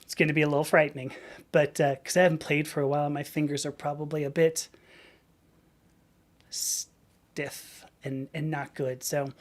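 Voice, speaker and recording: A woman's voice: low voice, flat delivery, normal speed, long pauses. A woman hosting a live stream, chatting casually in a rambling way and laughing often.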